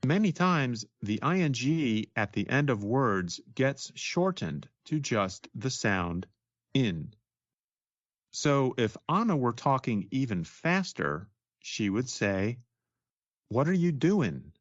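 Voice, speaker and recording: Guy co-hosting an english podcast, slow and animated, dry dull-ish sound. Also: medium pitch, no room sound. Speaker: co-host. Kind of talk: scripted educational podcast.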